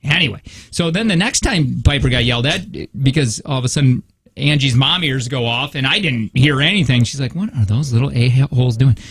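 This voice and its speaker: A man's voice: mid-range voice, a little fast, slight background noise. A young man hosting a morning radio show, telling family stories in casual banter and acting out the voices of the people in them. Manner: animated storyteller, acts out family members' voices. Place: radio studio.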